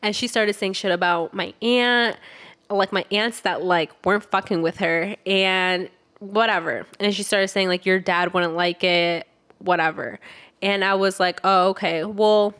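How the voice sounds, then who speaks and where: Young woman on a podcast, smooth clear voice, animated, swears a lot while telling a story. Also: mid-range voice, unhurried. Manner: animated, acts out quoted voices, swears freely. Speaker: podcast co-host. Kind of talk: casual storytelling chat.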